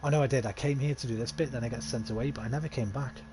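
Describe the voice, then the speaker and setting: A man's voice: mid-range voice, steady tone, very fast, background noise. A man giving casual, self-mocking commentary while streaming a game. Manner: chatty, self-mocking, thinks aloud. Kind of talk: casual let's-play commentary.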